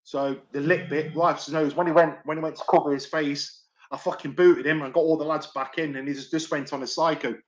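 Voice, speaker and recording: A man's voice: fairly high pitch, fairly even intonation, a little fast, dull audio. Swearing ex-doorman telling stories. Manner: swears often, rambling and repetitive. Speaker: podcast guest, ex-doorman. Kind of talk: casual storytelling.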